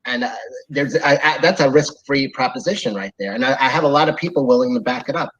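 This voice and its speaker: A man trades dry, sarcastic jokes on a casual panel. His voice is husky. The audio is dull and muffled, like a call feed. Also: mid-range voice, quick pace. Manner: dry, sarcastic, deadpan joking. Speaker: panel guest.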